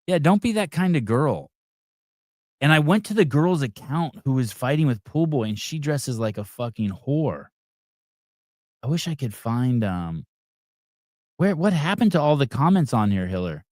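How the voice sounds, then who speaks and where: A man hosts a live podcast and rants bluntly, with plenty of swearing, about the clips he is watching. His voice sits at an ordinary middle pitch. The sound is dry and close, with no room echo. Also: lively intonation, normal speed. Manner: blunt, profane ranting. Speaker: podcast host. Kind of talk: live podcast, reacting to videos.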